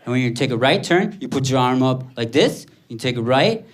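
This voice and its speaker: A man voicing a calm male bike cop who explains things matter-of-factly. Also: mid-range voice, natural voice. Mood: explaining. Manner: matter-of-fact, explaining slowly.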